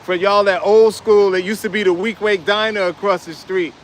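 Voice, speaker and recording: A man talks casually and chattily to his viewers in a slightly higher voice, filming himself outdoors in a city lot. Faint street noise sits behind him. His delivery is loose and easygoing. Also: steady tone, a little fast. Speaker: vlogger. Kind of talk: casual live vlog.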